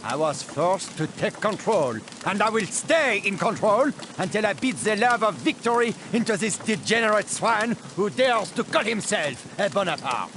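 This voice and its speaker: A pompous, contemptuous Napoleon ghost with a theatrical mock French accent. His voice sits high and leaps all over the place. A clear hiss of game sound runs underneath. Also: animated, normal speed, few pauses. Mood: scornful. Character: pompous, domineering ghost of Napoleon, older man. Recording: game audio with noisy background.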